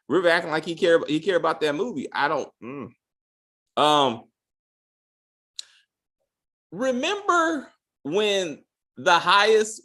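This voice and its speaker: Male recap host, slightly high voice, profane and rambling, lots of restarts. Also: a bit bright. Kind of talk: casual TV recap.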